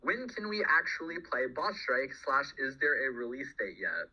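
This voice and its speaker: A man's voice: medium pitch, very animated, moderate pace, pushed and bright, breathy edge. A game developer hosting a loose question-and-answer chat. He rambles, trips over his own sentences and laughs along the way. His voice sits in the middle range, and the recording sounds dull and lo-fi. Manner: rambling, self-correcting, laughs often. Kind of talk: casual developer Q&A.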